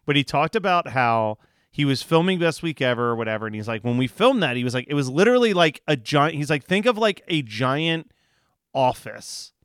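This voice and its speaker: A man co-hosting a podcast recaps a TV episode in casual chat, telling rambling stories packed with fillers. His medium-pitched voice is smooth and fairly bright, swings widely in pitch, and moves a little fast, captured in a dry, clean studio recording.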